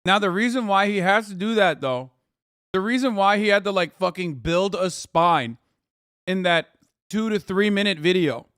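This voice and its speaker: A man's voice: high-pitched, moderate pace, a bit bright, clear, resonant tone, dry recording, studio quality. Blunt, profane male streamer. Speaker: streamer reacting to a clip. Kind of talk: casual heated commentary.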